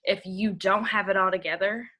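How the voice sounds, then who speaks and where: A woman's voice: mid-range voice, steady tone, normal speed, sharp tone. A young woman, giving a rambling, blunt motivational training talk to her team. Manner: rambling, blunt, uses y'all.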